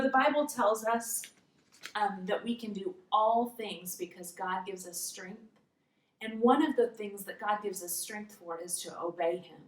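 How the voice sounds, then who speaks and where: A woman teaches a preschool Bible lesson, telling the story in simple, patient sentences for small children. Her voice sits at an ordinary pitch for a woman. The room is echoey and she sounds some distance from the mic. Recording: roomy echo, mic far off.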